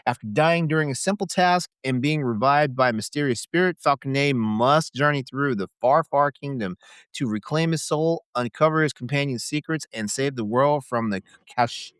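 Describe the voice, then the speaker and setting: A man with a smooth, resonant voice co-hosts a gaming podcast and reads out game blurbs in a relaxed way, stumbling now and then. His voice sits in a middle range and sounds dry and close. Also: medium pitch, moderate pace, no echo. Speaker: podcast co-host. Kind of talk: casual chat and reading game blurbs.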